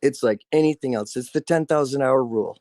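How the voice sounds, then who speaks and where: A man of middle pitch speaks earnestly and emphatically, circling back to repeat his point. His voice is close and dry, with no room around it. He sounds like a voice actor chatting on a video call. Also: brisk, a little mellow, dry recording. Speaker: voice actor guest. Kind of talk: casual video call chat.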